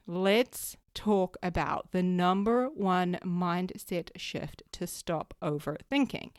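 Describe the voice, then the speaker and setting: Woman, thirties, podcast host, lively storytelling, acts out her own thoughts, dry close mic. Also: lowish voice, dry recording. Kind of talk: casual solo podcast talk.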